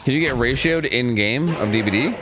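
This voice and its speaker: A man's voice: mid-range voice, brisk. Rambling young male game streamer. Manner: rambling, lots of filler "like", swears when frustrated. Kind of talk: casual live gameplay commentary. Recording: clear background noise under the voice.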